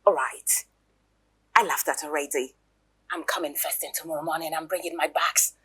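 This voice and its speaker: A Nigerian woman playing a jealous, dramatic girlfriend in a Nollywood film, loud and mocking. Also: low voice, fairly even intonation, moderate pace, husky, heavily acted. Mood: gleeful. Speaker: actress.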